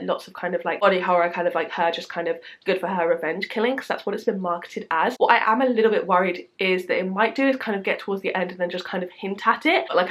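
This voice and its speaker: A woman's voice: mid-range voice, a bit bright. A young woman chatting casually about books, with lots of fillers and a few stumbles over words. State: croaky from illness. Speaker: book vlogger. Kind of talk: casual chat.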